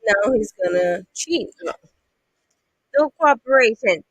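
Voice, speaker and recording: A woman's voice: fairly high pitch, sing-song, slow pace, highs cut off. A woman giving playful, chatty let's-play commentary on a game, reading text aloud and humming to herself. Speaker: gamer.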